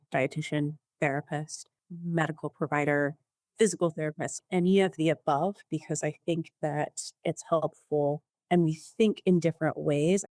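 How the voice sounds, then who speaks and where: A woman therapist co-hosting a podcast, explaining clinical ideas in a calm, measured way. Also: low-pitched, dry recording, studio quality. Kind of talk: podcast discussion.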